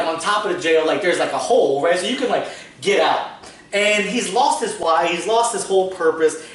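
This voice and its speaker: A man with a high, slightly bright voice hosts a business podcast as a business owner, spinning long, casual stories packed with "like" and the occasional swear word. The room is echoey, the mic distant, and there's faint noise.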